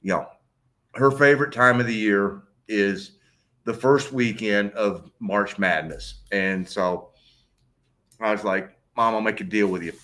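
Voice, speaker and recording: American man co-host, bright sharp voice, halting, repeats his words. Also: lowish voice. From United States. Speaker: co-host of a livestream. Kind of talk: casual livestream chat.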